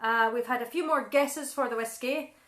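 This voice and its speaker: A woman's voice: fairly high pitch, moderate pace, a bit bright. Chatty Scottish woman in an echoey lounge. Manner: chatty, apologetic, reads out viewer messages. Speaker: singer and live stream co-host. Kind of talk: casual chat between songs. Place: living room at home. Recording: echoey room.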